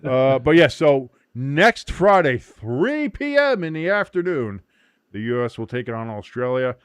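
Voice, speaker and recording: A man's voice: medium pitch, sing-song, unhurried, clean tone, no echo. A man hosting a casual sports watch-along stream, rambling, joking and swearing freely. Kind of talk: casual livestream chat.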